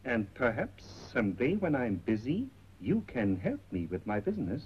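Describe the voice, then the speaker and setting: An actor playing a soft-spoken, coaxing shopkeeper with scheming motives in a 1930s film. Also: male voice, medium pitch, big pitch swings, normal speed, natural voice. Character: smooth, scheming shopkeeper courting a young woman. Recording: muffled old 1930s film soundtrack with hiss.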